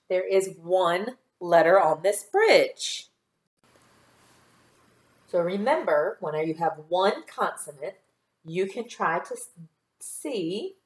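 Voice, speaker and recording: Patient teacher woman in an echoey room. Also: on the low side. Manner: slow, clear enunciation with drawn-out model words; patient and encouraging. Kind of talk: recorded phonics lesson for children.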